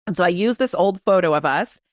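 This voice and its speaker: A woman's voice: on the low side, animated, dry recording, clean studio sound. Upbeat woman guest on a podcast. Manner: enthusiastic, quick storytelling. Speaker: guest, video marketing expert. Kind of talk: casual podcast chat.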